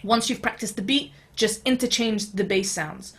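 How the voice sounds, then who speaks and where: A woman gives a casual beatboxing tutorial for an online video. She talks in an easygoing way with a few fillers. Her tone stays steady and encouraging as she reassures learners. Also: fairly high pitch, moderate pace, a little hiss or hum. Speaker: beatboxing teacher.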